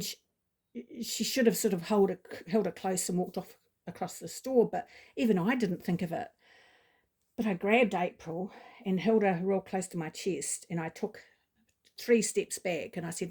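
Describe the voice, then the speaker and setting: Woman vlogger, warm mellow tone, rambling chatty storytelling, middle pitch. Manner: chatty, lots of ums and asides. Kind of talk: casual storytelling.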